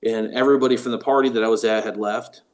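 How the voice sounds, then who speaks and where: Halting man telling his story. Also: fairly low pitch, fairly even intonation. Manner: halting, with frequent ums and restarts. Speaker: guest paranormal investigator. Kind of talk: personal storytelling in an interview.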